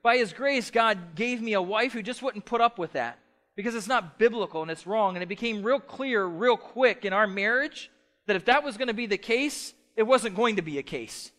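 A middle-aged man preaching a sermon as pastor, passionate, shifting between loud emphatic stretches and soft quiet ones. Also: high-pitched, expressive, normal speed.

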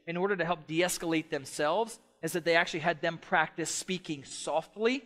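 A middle-aged man preaching a sermon as pastor, passionate, shifting between loud emphatic stretches and soft quiet ones. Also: on the high side, normal speed.

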